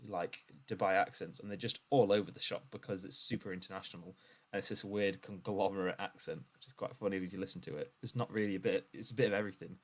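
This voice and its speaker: A British podcast co-host tells stories in a casual chat, animated and laughing frequently. He has a low voice and talks fast.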